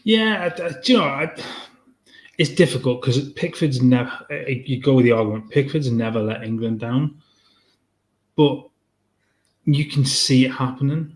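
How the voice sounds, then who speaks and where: A man with a voice of ordinary pitch co-hosts a casual football chat. He speaks hesitantly and restarts his sentences as he works toward his point. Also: lively intonation, moderate pace, long pauses. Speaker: podcast co-host.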